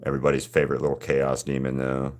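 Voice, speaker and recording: A man's voice: a bass voice, completely flat delivery, darkish tone. A man hosting a live drawing stream, chatting casually with viewers and often restarting his sentences. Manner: halting, frequent restarts and repeated words.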